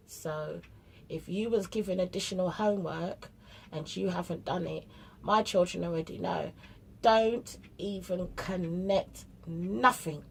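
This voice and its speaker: A woman's voice: lowish voice, gravelly, slight background noise, poor audio. A middle-aged woman with a British accent, chatting bluntly and casually about parenting, full of slang. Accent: British English. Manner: chatty and blunt, with street slang, acting out family exchanges. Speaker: parent vlogger. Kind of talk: casual monologue giving parenting advice.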